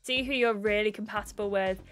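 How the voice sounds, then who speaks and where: A woman voicing a chatty young woman who guides contestants in a dating game, speaking in a brisk, confiding way. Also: medium pitch, fairly even intonation, fairly bright tone, soft background music, pitched below the performer's own voice, close to an everyday voice. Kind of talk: game character lines read aloud.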